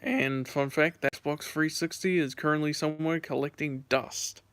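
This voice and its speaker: A man's voice: on the high side, fairly even intonation, normal speed, fairly bright tone, clear, resonant tone, no echo. A young man streaming from home, telling gaming stories in a rambling, filler-heavy casual chat.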